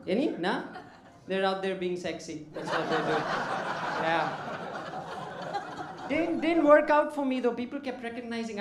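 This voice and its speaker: A man's voice: sits high, noisy background. Brash Indian man doing stand-up. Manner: brash, profane, mocking punchlines. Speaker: stand-up comedian. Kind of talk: live stand-up set. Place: comedy club stage with live audience. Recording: roomy club sound with audience laughter.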